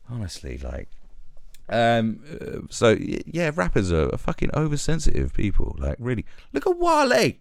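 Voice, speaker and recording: A man's voice: medium pitch, wildly swooping pitch, moderate pace, gravelly, no room sound, clean studio sound. A British man hosting a live stream, ranting sarcastically and mocking in casual commentary.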